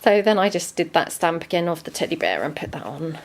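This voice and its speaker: A woman casually walking through a handmade junk journal, chatty and relaxed with frequent ums. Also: low-pitched, fairly quick. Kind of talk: casual show-and-tell narration.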